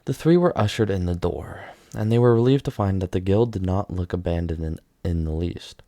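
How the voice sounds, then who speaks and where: A man with a low, mellow voice reads a story aloud at an even, measured pace. The sound is close and dry, with no room around it. He narrates game lore in a plain storybook manner. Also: dry recording.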